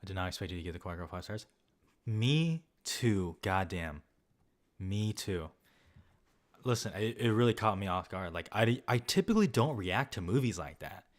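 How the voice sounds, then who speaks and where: Rambling, loose-talking young man, lowish voice. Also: animated, moderate pace. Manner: rambling and loose, heavy use of filler words, swears freely. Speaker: film vlogger. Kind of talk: casual talk reviewing films and answering viewers.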